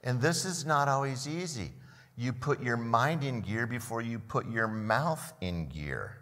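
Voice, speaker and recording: A man's voice: mid-range voice, expressive, unhurried, fairly bright tone, long reverb tail. An older man preaching a sermon as a pastor, often repeating the first words of a phrase and asking the listeners questions.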